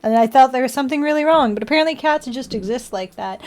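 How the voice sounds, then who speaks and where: A woman's voice: high voice, expressive, fast, a little mellow. A young woman hosting a model-building livestream, chatting casually and teasing her viewers and pets with frequent giggles.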